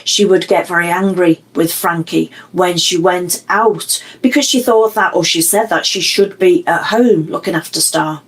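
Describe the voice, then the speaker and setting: A woman, giving measured, explanatory commentary in a true crime documentary. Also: on the low side.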